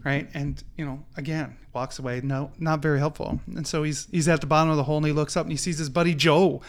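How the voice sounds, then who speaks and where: A podcast guest tells a story with animated energy. His voice is smooth and clear and sits fairly high for a man. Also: fast talker. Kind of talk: casual conversation.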